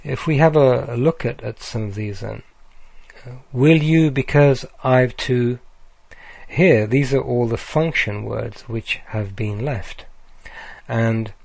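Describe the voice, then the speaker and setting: Slow, gravelly-voiced male lecturer. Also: mid-range voice, a little mellow, no room sound. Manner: slow, deliberate with frequent ums and uhs. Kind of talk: recorded slide lecture.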